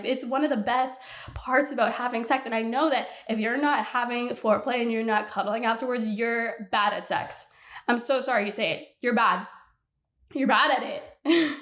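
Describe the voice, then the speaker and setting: Blunt, animated young woman host. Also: sits high. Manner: animated, blunt, swears and laughs often. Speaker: podcast host. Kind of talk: casual ranting chat. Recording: echoey room.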